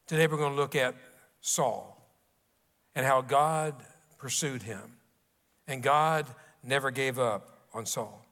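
A man's voice: mid-range voice, measured pace, pauses often, fairly bright tone. Man preaching in an echoing church. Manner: storytelling, folksy and conversational with restarts. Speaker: pastor. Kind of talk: sermon. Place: church sanctuary. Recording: long reverb of a church hall.

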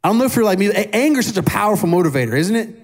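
A man in his thirties preaching a sermon in a casual, animated way, asking his congregation questions and poking fun at himself. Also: high-pitched, rapid-fire. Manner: self-deprecating humor. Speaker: pastor. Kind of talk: conversational sermon.

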